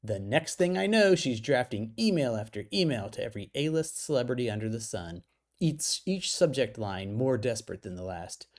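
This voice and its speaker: Playful man with a gravelly voice. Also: mid-range voice, big pitch swings, moderate pace. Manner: playful, self-mocking, jumps to side remarks. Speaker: writer reading his own article. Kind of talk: humorous reading with casual asides.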